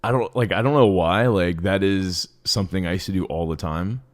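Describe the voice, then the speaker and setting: A man from the United States co-hosting a casual podcast from a friend's kitchen, easygoing and rambling. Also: low-pitched. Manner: easygoing, rambling, quick to laugh. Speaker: podcast co-host. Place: friend's kitchen used as a studio.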